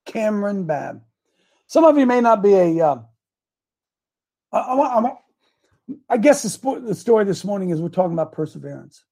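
A man's voice: high-pitched, gravelly, darkish tone, slightly rough. A man of seventy giving a casual, rambling devotional talk as host, folksy and chuckling, speaking straight to his viewers. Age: 70s. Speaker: host of a daily faith talk show.

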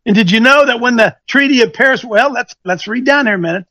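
A man coaching an audience, speaking in an animated, teasing way that quizzes listeners with questions and thinks aloud. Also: extremely high pitch, quick pace, no room sound. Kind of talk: lecturing talk with rhetorical questions.

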